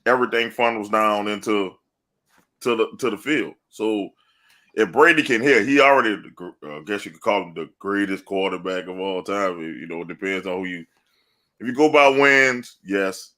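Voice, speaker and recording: Male sports podcast co-host with a bright edge, loud and laughing, swears freely in rants. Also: on the low side, moderate pace. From New Orleans area. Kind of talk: casual sports chat.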